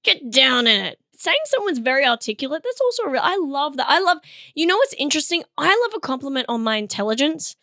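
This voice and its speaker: A woman comedian talking casually to camera in a review vlog, hoarse from a partly lost voice, rambling and self-deprecating and laughing often. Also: high-pitched, big pitch swings, fast, a bit bright, dry recording, clean studio sound.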